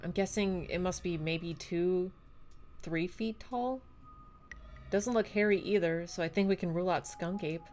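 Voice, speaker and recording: A woman's voice: on the low side, measured pace, darkish tone, a little hiss or hum. A woman live-streaming a game, chatty and casual, who squeals and swears when something surprises her. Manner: chatty and casual, laughs often.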